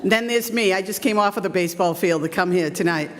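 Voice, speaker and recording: A woman's voice: on the low side, fast talker, crowd noise. A woman in her fifties, a youth baseball coach, giving a chatty, self-deprecating storytelling speech full of ums. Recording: long hall reverb.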